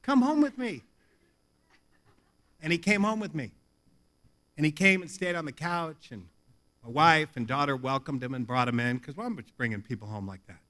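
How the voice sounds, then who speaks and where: At a hotel convention hall, a man speaks at an AA convention, giving a funny recovery talk full of casual stories. In a brisk, mid-range voice he stays animated and casual, swears, and acts out conversations.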